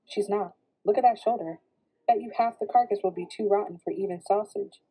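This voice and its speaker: A woman's voice: medium pitch, fairly quick, dark tone, breathy edge, rough recording. A woman reading the lines of a shrewd woman trader who talks in curt, dismissive remarks.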